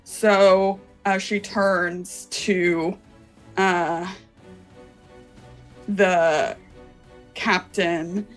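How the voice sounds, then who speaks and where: Slow, thoughtful woman player. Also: lowish voice, steady tone. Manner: slow and thoughtful, with many fillers. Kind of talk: describing her character's actions in a tabletop game. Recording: light background music.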